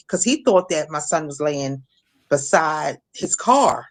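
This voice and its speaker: A middle-aged woman from Maryland recounting a personal ordeal as an interview guest, halting with many restarts and fillers. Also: low voice, animated. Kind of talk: emotional personal testimony.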